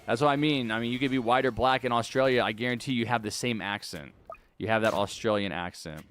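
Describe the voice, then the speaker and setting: A man's voice: mid-range voice, quick pace, fairly bright tone, faint music behind. A young man streaming a game at home, talking casually into a desk mic and arguing back at his chat with rambling restarts. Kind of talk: live-stream chat while gaming.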